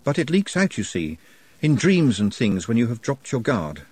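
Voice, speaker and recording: A man with a husky voice voicing a young male orc who speaks in a calm, precise, overly polite and formal way. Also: mid-range voice, no echo. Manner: precise, formal, quietly measured.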